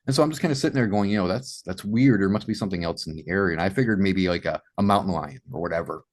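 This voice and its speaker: Animated storyteller, lowish man's voice. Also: rapid-fire. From Massachusetts. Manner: animated storyteller, many "you know" fillers. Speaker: podcast guest. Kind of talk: storytelling in an interview.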